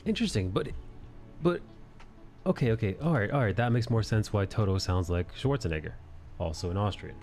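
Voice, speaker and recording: A man's voice: on the low side, lively intonation, a little fast, a little mellow, faint music behind. A man hosting a casual livestream chat, rambling, swearing freely and laughing often. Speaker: livestream host. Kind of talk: casual chat while drawing.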